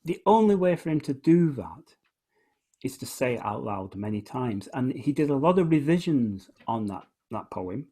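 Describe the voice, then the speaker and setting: A man's voice: mid-range voice, big pitch swings, moderate pace, dark tone, slightly rough. A man hosting a casual conversation, enthusiastically explaining poetry and often restarting his phrases. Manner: enthusiastic, explains by reading lines aloud and stressing beats. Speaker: host, musician.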